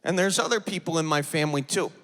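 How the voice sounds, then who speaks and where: A man in his thirties with a Wisconsin accent, doing animated stand-up storytelling on a large theater stage. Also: fairly high pitch, fast talker. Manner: animated, shouting punchlines. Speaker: stand-up comedian. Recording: live theater, long reverb, crowd.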